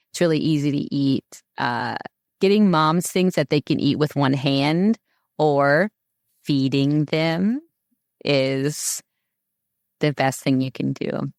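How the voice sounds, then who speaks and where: A woman's voice: sits low, gravelly, dry recording, studio quality. A woman speaking as a podcast guest, giving casual advice in a rambling way with many fillers. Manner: rambling, filler-heavy talk. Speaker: podcast guest, mother and herbal maker.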